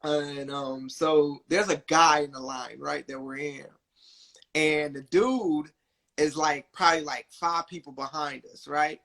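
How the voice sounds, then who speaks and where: A young man hosting a podcast, telling a story in a casual, animated way and acting out the people in it. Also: unhurried, creaky. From New Jersey. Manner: animated, acts out quotes with big pitch jumps. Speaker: podcast host.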